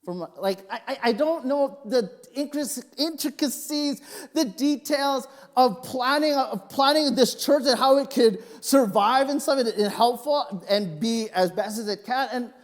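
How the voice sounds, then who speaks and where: A male pastor preaching a sermon, telling personal stories in an animated, joking way. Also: extremely high pitch, measured pace. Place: church sanctuary. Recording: long reverb of a church hall.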